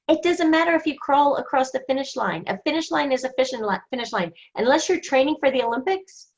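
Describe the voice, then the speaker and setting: A woman leading a group coaching session, talking in an emphatic, energetic, motivational way. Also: a little high, lo-fi sound. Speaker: book study group leader.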